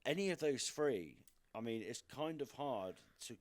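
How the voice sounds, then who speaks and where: A young man presenting a darts podcast, chatting casually and quickly going over results and upcoming fixtures. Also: medium pitch, lively intonation. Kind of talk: casual sports podcast chat.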